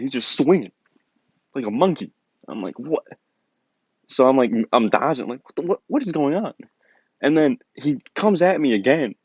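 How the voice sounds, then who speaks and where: A young man telling a personal story in a casual, animated way, filling his speech with "like". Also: fairly low pitch, dry recording. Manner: animated, filler-heavy, lots of "like". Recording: dull lo-fi dry recording.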